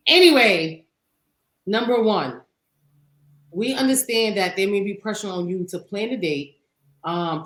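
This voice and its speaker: Woman, podcast co-host, casual animated chat, swears freely, roomy echoey sound, middle pitch. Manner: animated, profane, laughs often.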